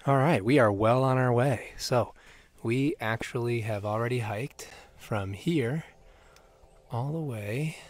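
A man's voice: mid-range voice, a little hiss or hum. A man narrating a hiking vlog outdoors on a forest mountain trail, upbeat and descriptive, pointing out the sights as he walks. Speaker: travel vlogger.

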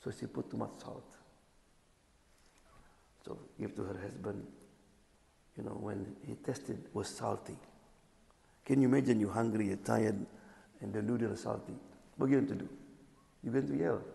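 A man preaching as an imam, animated, acting out little dialogues and checking in with his listeners. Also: fairly low pitch, normal speed, gravelly, pauses often. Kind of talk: sermon. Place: community hall or mosque. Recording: echoey hall.

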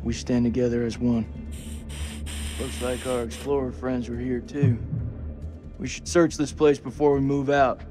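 An actor voicing a gruff squad leader who swears freely and gives orders in a flat, even delivery. His lines sit in a video game over a loud score. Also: medium pitch, unhurried, pauses often, over music, lightly acted. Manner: gruff, profane and commanding. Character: blunt, steady military squad leader.

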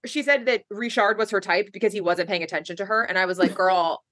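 A woman co-hosting a podcast, chatting in an animated way and laughing easily. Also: mid-range voice, fast. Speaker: podcast co-host. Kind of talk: casual recap chat.

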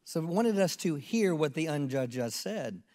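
A man's voice: on the high side, very animated, normal speed, a little mellow, in a large hall. A pastor in his fifties preaching a sermon, earnest and repeating phrases for emphasis.

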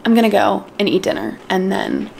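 A woman in her late twenties chatting casually to camera about books for her home vlog, expressive and sprinkled with "like" fillers. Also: medium pitch, a little fast, creaky, a little hiss or hum. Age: late 20s. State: tearful and emotional at times. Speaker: book vlogger.

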